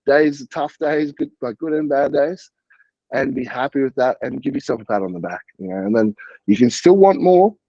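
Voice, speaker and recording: A man's voice: medium pitch, animated, moderate pace, dark tone, dry recording, highs cut off. Earnest man in his thirties. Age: 30s. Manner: earnest and reflective, quotes himself. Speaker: podcast guest. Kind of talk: casual chat.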